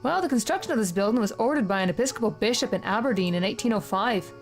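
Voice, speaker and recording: A woman voicing a chatty older Scottish male caretaker in a video game, with a rough put-on Scottish accent and a lowered voice. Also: fast, darkish tone, faint music behind, close to an everyday voice. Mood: gossipy.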